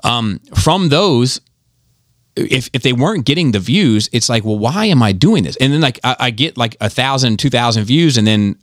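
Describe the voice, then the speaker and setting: A man's voice: mid-range voice, lively intonation, moderate pace, no room sound, clean studio sound. A man hosting a casual podcast chat, talking in a rambling, emphatic way and often restarting his sentences. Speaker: podcast host.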